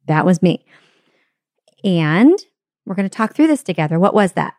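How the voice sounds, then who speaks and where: A woman's voice: mid-range voice, expressive, normal speed, long pauses, a little mellow, no echo, studio quality. A woman hosting a podcast, telling a personal story in a candid, chatty way and talking straight to her listeners at the microphone. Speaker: podcast host. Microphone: studio microphone.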